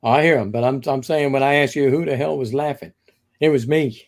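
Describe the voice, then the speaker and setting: A man's voice: mid-range voice, a little fast, a little mellow. Guy joining a live stream, blunt and casual, swears a bit, medium voice. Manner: blunt, casual, curses lightly.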